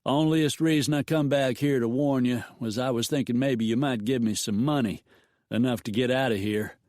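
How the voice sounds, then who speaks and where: A man voicing a wounded, frightened male gunman who speaks in rough, folksy grammar with his voice raised a little. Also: medium pitch, normal speed, a little mellow, no room sound, clean studio sound, voice pushed up, close to an everyday voice. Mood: pleading.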